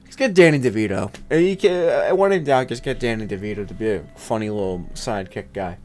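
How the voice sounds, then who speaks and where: This host is a man with a lowish, slightly mellow voice who sounds animated and brisk. He chats casually, rambling along with plenty of fillers and jokes.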